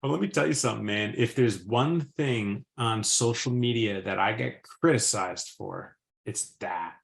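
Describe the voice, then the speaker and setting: Podcast host, man, relaxed and frank, mid voice in a room with echo. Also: lowish voice, unhurried, vocal fry. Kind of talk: casual chat. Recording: roomy echo.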